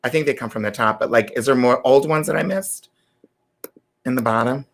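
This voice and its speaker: A woman hosting a livestream interview, chatting with her guest and reading viewer comments aloud in a lively, animated way. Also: extremely low pitch, a little fast. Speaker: talk show host.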